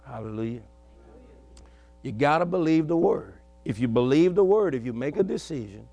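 A man's voice: a little high, animated, moderate pace, mellow, faint music behind. A male pastor, preaching a sermon in a folksy call-and-response style and telling stories from his own life.

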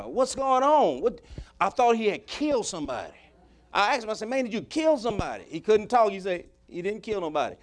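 A man preaches, telling a story from the pulpit in plain, homespun words. His voice sits a touch above the usual male range. He swings between loud, emphatic lines and quiet, hushed ones. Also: sits high. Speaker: pastor. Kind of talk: sermon.

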